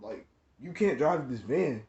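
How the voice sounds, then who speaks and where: A composed police officer speaking low, slow and level, as a young man puts him on while telling a story. The sound is roomy and a bit muffled and lo-fi. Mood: calm. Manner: flat, slow, level-toned. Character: calm adult male police officer. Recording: echoey room, dull lo-fi sound.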